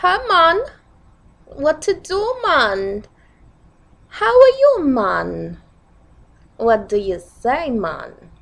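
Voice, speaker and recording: A woman doing an attempted Jamaican accent as a pushy, cheery figure who keeps pressing someone to go to the mall. She speaks loudly and sing-song and ends each line with "man.". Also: sits high, very animated, very slow, vocal fry, pauses often, voice pushed up, full character voice. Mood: insistent.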